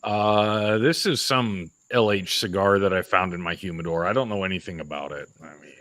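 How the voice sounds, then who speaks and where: A man's voice: deep voice, normal speed, a bit bright, no echo. A man in an easygoing casual chat, laughing easily.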